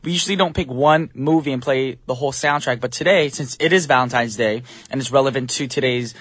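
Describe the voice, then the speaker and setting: A man's voice: mid-range voice, a little fast, fairly bright tone, breathy edge, no echo. A man hosting a radio show in a casual, chatty way, joking and laughing at himself between songs. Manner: chatty, joking, self-deprecating asides. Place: radio studio. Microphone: studio microphone.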